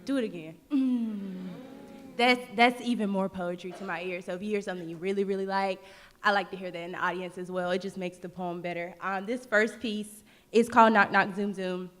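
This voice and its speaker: A woman's voice: medium pitch, steady tone, brisk, a bit bright. A woman poet from North Carolina talking to the audience and performing spoken word. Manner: engaging crowd, rhythmic delivery. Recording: reverberant library hall.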